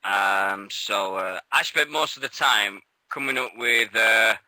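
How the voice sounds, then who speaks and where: Bright-voiced British man telling stories. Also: on the low side, slow pace, no echo, poor audio. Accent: British English. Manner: excitable, laughing storyteller who swears freely. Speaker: radio show co-host. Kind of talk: casual chat.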